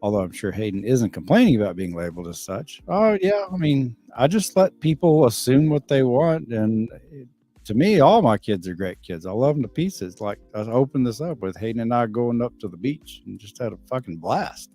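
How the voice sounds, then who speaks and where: A man's voice: medium pitch, very animated, moderate pace, dark tone. A middle-aged man chatting casually on a livestream, bluntly and with lots of swearing, as he reads out and answers viewer comments. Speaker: livestreaming father answering chat.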